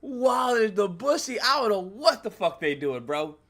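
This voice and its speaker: Animated, laughing man telling a story. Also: high-pitched, normal speed. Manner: animated, profane, laughing, acts out his reactions. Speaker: channel host. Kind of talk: casual storytelling rant.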